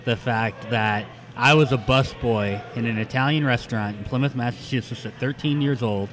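A man's voice: medium pitch, moderate pace, background noise. A male political consultant, a guest on a radio show, chatting easily and telling an anecdote. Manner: easygoing, anecdotal. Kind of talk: casual chat.

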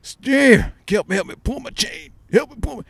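A man voicing his frail old stepfather, crying for help in a high, wailing falsetto. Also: expressive, normal speed, vocal fry, fairly bright tone, breathy edge, no room sound, studio quality, heavily acted. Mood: wailing plea.

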